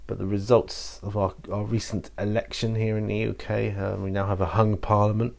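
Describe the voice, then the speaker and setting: A man's voice: lowish voice, little pitch movement, moderate pace, vocal fry, darkish tone. A man hosting his channel, chatting to camera and answering viewer questions in a rambling, hesitant way. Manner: rambling and hesitant, with many fillers and restarts. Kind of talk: casual solo chat to camera.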